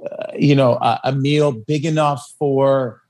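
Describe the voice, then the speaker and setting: A man's voice: mid-range voice, steady tone. Man fondly recalling a friend's family. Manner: warm reminiscing, halting with fillers. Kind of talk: casual podcast chat.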